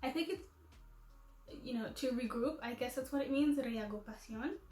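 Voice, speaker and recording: A woman's voice: on the high side, moderate pace, a little mellow, roomy sound, faint music behind, rough recording. A woman vlogger chatting casually and self-deprecatingly to camera, laughing at herself.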